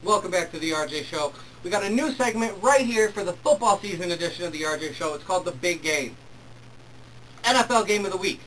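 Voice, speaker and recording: A young man hosting his own sports talk show, reading emails and ranting excitedly about football. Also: high voice, brisk, slight background noise. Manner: excitable, worked up when ranting. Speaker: host. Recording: distant mic with faint room ambience.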